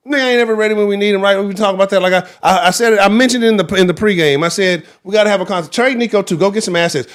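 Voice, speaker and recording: A young man with a drawl rants on a live sports stream, heated and full of profanity. His voice sits a little high for a man, and he fires off blunt complaints one after another. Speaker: sports talk show host.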